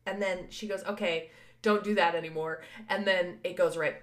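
Brief: lively woman podcaster, storytelling with laughs, roomy echo. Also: fairly low pitch, normal speed. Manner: animated, laughing, acts out voices of others. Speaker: podcast co-host. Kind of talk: casual storytelling chat. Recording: echoey room.

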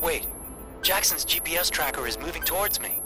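A male astronaut leader holding onto his composure, his raised voice hushed and trembling. Loud music swells behind him, as a narrator acts him out. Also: on the high side, lively intonation, a little fast, voice pushed up, close to an everyday voice. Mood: tense. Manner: tense, trembling voice.

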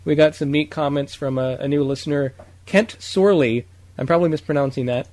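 A male podcast host speaks in a slightly raised pitch with an easygoing, casual delivery. He hesitates often and fills gaps with "uh" and "um" as he wraps up the episode. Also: brisk, darkish tone, no echo. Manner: easygoing, hesitant, many fillers.

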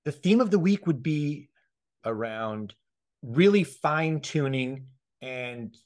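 A man hosting a casual podcast conversation, excitable, swearing freely, often restarting his sentences and laughing. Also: medium pitch, takes it slowly. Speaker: podcast host.

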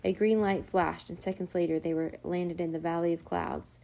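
Female storyteller, low and dark-toned, with some fry; steady children's-book narration. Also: moderate pace, slight background noise. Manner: steady, even read-aloud narration. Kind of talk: reading a children's chapter book aloud.

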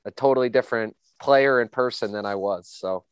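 Smooth-voiced man telling hockey stories. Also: mid-range voice, a little fast, dry recording. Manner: rambling, repeats words when starting sentences. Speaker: former pro hockey player. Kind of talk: casual storytelling chat.

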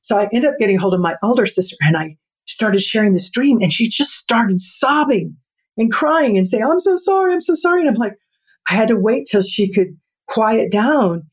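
Reflecting on her own experience in a podcast interview, a middle-aged woman guest tells her story earnestly, slowing her pace when she wants emphasis. She speaks at a medium pitch, expressive and with a breathy edge.

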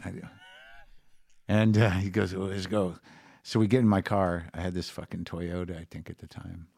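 A man's voice: low-pitched, level tone, normal speed, gravelly, darkish tone, no room sound. A middle-aged man telling a long, rambling story in casual chat, profane and full of fillers. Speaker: guest comedian.

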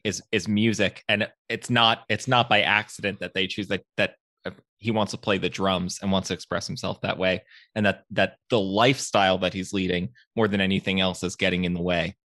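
A man's voice: low voice, little pitch movement, normal speed, pushed and bright, no room sound, studio quality. A man co-hosting a podcast in a casual film discussion, talking thoughtfully and repeating words as he thinks. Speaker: podcast co-host.

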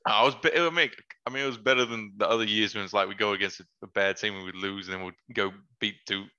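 Bright-voiced man telling laid-back stories. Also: fairly low pitch, steady tone, quick pace, clear, resonant tone, lo-fi sound. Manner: laid-back, laughs often, slangy asides. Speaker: podcast guest, former basketball player. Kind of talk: casual storytelling chat.

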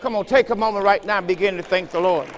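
A man's voice: sits high, quick pace, big-room sound, a faint crowd, a little hiss or hum. A man preaching a fervent sermon as pastor, repeating phrases and urging his listeners on. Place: church sanctuary.

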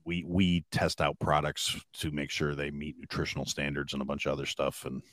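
A man co-hosting a podcast in casual chat, speaking haltingly with many restarts and a dry manner. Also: rumbling low, fairly even intonation, a bit bright, no echo. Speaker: podcast co-host.

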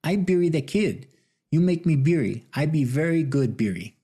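Man doing tiny cheerful old man, broken english, thick put-on accent, high voice, a bit loud. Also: lively intonation, normal speed, breathy edge. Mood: eager. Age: older.

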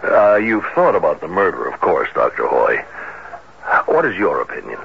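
An actor playing a probing police captain in an old-time radio drama, brisk and plainspoken as he questions a witness. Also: extremely low pitch, very animated, creaky, exaggerated voice. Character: probing middle-aged male police captain. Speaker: police detective. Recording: dull lo-fi radio broadcast with faint hiss.

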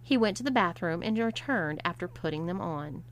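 A woman narrating a story, reading expressively and at a measured pace. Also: lowish voice, expressive.

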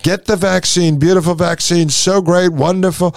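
A man's voice: high-pitched, steady tone, moderate pace, vocal fry, dry recording, clean studio sound. A man doing a satirical impression of a boastful older politician who piles up repetitive superlatives.

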